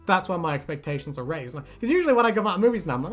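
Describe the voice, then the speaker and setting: A woman co-hosting a casual chat, animated and laughing often, breaking into silly voices. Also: on the low side, very fast, soft background music. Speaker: co-host.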